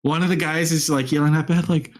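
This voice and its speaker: A man narrating a tabletop game as game master, relaxed and laughing often. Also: on the high side, fast talker.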